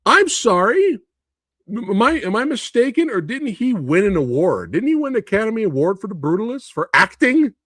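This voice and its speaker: A man's voice: high-pitched, brisk, no room sound, studio quality. A man hosting a live movie review stream, ranting in disbelief, laughing often, swearing and answering viewer comments. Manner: animated, incredulous ranting with frequent laughs and swearing.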